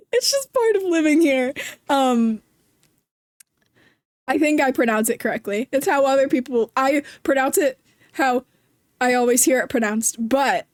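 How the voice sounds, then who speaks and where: This high-pitched young woman, a streamer from New Jersey, talks in a Jersey accent while gaming and going through chat. Her casual chatter is rambling, full of giggles and self-deprecation, and the studio-quality audio has no echo.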